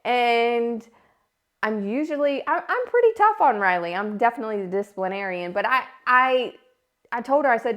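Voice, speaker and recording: A woman in her thirties hosting a podcast, telling a personal story in a casual, animated way. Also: on the high side, normal speed, lo-fi sound. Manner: animated, acts out her own yelling and quotes. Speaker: podcast host.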